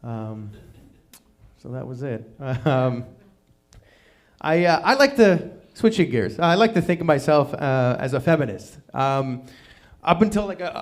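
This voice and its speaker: A man doing an open mic stand-up set in a small venue, halting and self-deprecating, full of ums and restarts. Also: on the high side. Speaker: stand-up comic. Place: small live comedy venue.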